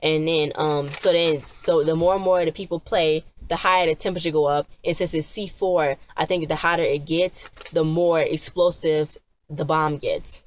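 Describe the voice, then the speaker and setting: A woman with a low voice recapping a TV episode casually. She rambles and restarts often, full of fillers. She acts out the characters' lines as she goes. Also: steady tone, moderate pace. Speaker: TV episode reviewer.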